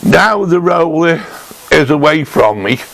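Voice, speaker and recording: A man talks through a woodworking tool in his workshop, his voice heavily gravelly with fry and his delivery slow and unhurried. He pauses, restarts and thinks aloud as he shows things to the camera. His voice sits slightly higher than most men's. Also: expressive, a bit bright, a little hiss or hum, low-quality recording. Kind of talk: casual show-and-tell tool review. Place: home workshop.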